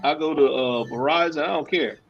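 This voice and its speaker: Animated higher-voiced man telling stories. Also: fairly quick, vocal fry, highs cut off. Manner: animated storyteller, repeats himself, laughs often. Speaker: podcast host. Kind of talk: casual banter among veterans.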